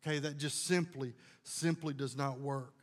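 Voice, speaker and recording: A man's voice: medium pitch, fairly even intonation, moderate pace, big-room sound. A male pastor preaching a sermon in a folksy, conversational way, telling homey stories and sometimes restarting his sentences.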